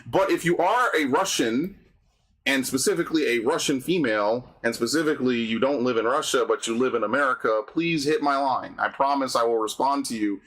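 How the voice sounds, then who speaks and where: A man's voice: medium pitch, a little fast, a bit bright, poor audio. A young man hosting a game stream, chatting casually with crude, profanity-laced rants and banter. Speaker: streamer host.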